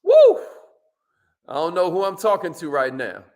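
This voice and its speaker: A man runs a live coaching stream at a fairly quick pace, full of energy and slang. He calls out viewers by name and slips into low asides.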